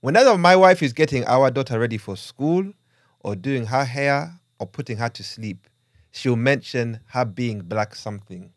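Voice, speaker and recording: A man reading out a letter as a white English husband seeking advice, in a put-on Ugandan accent, slow and measured. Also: mid-range voice, expressive, no room sound, clean studio sound, close to an everyday voice. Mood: troubled. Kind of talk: reading a listener letter aloud.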